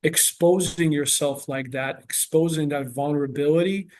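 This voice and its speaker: A male therapist speaks in a relaxed interview, earnest and patient as he walks through examples. His voice sits a little high for a man. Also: normal speed. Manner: earnest, explains with patient examples and quoted dialogue. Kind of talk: casual podcast interview.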